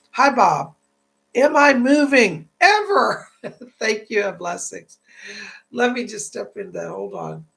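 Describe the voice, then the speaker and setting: A male psychic medium hosting a live stream, with a rough, gravelly voice that sits fairly high for a man. He swings up and down in pitch with lots of animation while he chats with viewers and passes on spirit messages. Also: a bit bright, rough recording. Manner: chatty, relays spirit messages in a reassuring way; thanks viewers and reads out donations.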